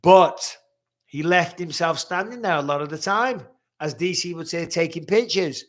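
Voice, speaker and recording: A man's voice: on the high side, normal speed. A middle-aged man hosting a live stream, reading viewer questions and answering bluntly with frequent swearing. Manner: blunt, swears freely, reads questions aloud.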